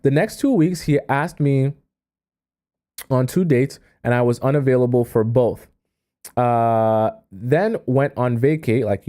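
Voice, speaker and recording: A male dating coach on a live stream, with a mellow, warm-toned voice at an ordinary pitch. He reads a viewer's story aloud and breaks in with exasperated, incredulous asides and quick advice.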